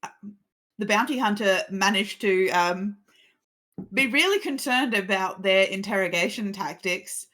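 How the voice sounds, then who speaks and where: A woman's voice: medium pitch, unhurried, fairly bright tone. A woman hosting a live-streamed tabletop game, chatty and recapping events with laughter. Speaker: game master and stream host.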